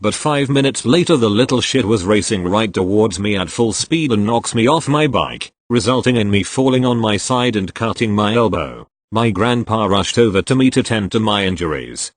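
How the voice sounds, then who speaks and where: A man's voice: on the low side, expressive, moderate pace, hardly any pauses, no echo. A man reading online stories aloud, spelling out abbreviations letter by letter. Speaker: narrator reading online posts.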